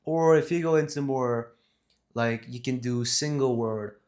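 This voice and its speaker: A man's voice: medium pitch, a little slow, darkish tone. Guy sitting in front of his camera giving communication tips, mid voice, rambles and corrects himself a lot. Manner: rambling, self-correcting, emphatic. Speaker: vlogger on communication skills. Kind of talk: casual talk to camera.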